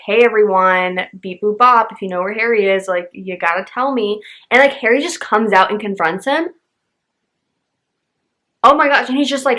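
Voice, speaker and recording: A young woman, a book vlogger, chatting casually and gushing, with lots of "like" and quick asides. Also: a little high, fairly bright tone. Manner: bubbly, gushing, heavy use of "like". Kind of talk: casual chat.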